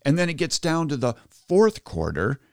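A middle-aged man hosting a Catholic podcast, telling a story in an animated way and acting out his own shouts. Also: on the high side, moderate pace, no room sound, clean studio sound. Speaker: podcast host. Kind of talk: Catholic teaching talk.

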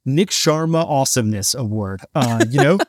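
A man co-hosts a casual business podcast, sarcastic as he mocks people by imitating them. His voice sits at an ordinary middle pitch. It is recorded close and dry, with no room sound. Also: animated, moderate pace, no echo. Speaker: podcast co-host.

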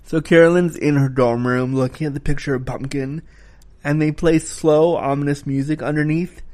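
A man's voice: fairly high pitch, fairly even intonation, normal speed, a little mellow. A man giving a casual spoken film review, talking frankly and critically, with the occasional swear word.

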